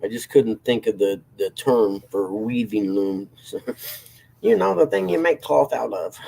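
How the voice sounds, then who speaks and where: A man's voice: medium pitch, expressive, unhurried, gravelly, a little mellow. A man hosting a livestream, chatting casually with viewers in a rambling, self-deprecating way and chuckling often. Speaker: livestream host reading chat. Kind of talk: casual chat.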